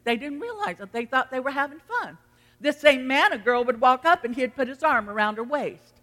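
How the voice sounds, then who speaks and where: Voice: medium pitch, bright, forceful tone. A pastor preaching a sermon in a folksy, earnest storytelling manner, addressing the congregation from the front of a church. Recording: long reverb of a hall.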